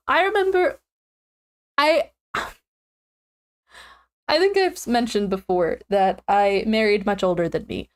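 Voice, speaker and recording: Young woman, high voice, tired, giggly casual streamer chat. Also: normal speed, pauses often. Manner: chatty, giggly, animated swings in pitch. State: tired, yawning.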